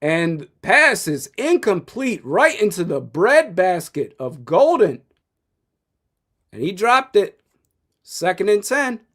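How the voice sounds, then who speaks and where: A man's voice: sits high, sing-song, slow, fairly bright tone. A young man in his twenties commenting live on a football game, blunt and opinionated, chuckling often. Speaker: sports streamer.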